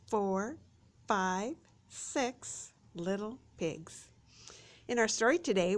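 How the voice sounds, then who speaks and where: A library storyteller, a woman, reads to small children in a slow, unhurried way. Her pitch swoops up and down with lively expression, and she sometimes drops to a hushed whisper for suspense. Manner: animated, sing-song, drops to a whisper for suspense.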